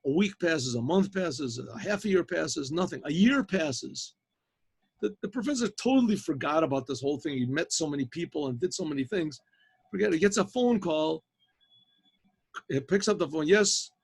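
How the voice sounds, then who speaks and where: A rabbi narrates a story in a gravelly, husky voice that sits a little high for a man. He tells it with lots of animation, repeating words and stumbling into restarts. It sounds like a video call. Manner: animated, with stammered restarts and repetitions. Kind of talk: storytelling lecture.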